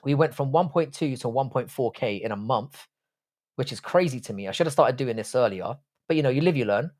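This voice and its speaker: An Englishman in his forties with a mid-range, animated, darkish voice talks fairly quickly while hosting a casual livestream. He greets viewers by name, reads out their chat, and trades blunt, crude jokes laced with swearing.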